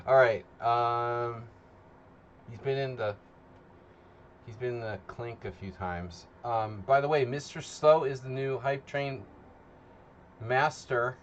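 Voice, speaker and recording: A man's voice: medium pitch, slow pace, long pauses, muffled recording, slight background noise. A man hosting a live chess simul stream, chatting casually and rambling to his chat. He is a bit tired after a nap. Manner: rambling, loose and chatty, talking to chat while setting up.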